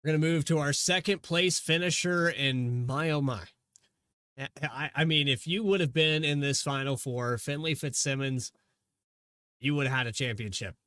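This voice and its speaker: A man's voice: fairly high pitch, normal speed, a bit bright, clean tone, no echo, studio quality. A man hosting a post-race interview in a chatty, rambling way. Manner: chatty, rambling, hesitant restarts. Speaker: race broadcaster.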